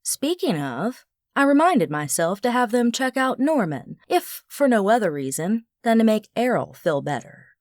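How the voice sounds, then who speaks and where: A woman narrating a first-person audiobook with an expressive, wry storytelling manner. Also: on the high side, normal speed, dry recording, clean studio sound.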